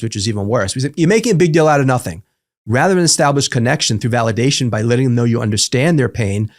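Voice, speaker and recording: A man in a podcast conversation, explaining calmly as a psychologist and acting out little quoted voices with humor. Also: medium pitch. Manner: animated teacher, acts out quotes, jokes. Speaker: psychologist guest.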